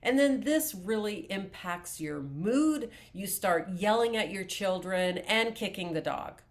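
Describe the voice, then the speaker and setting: A woman life coach talking to camera in a self-help video, explaining calmly and deliberately with a few restarts. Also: medium pitch. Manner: calm, slow, deliberate explaining with filler restarts.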